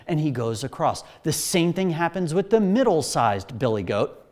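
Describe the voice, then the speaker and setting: A man's voice: a little high, sing-song, moderate pace, darkish tone. A man preaching a sermon as pastor, telling a story with enthusiasm.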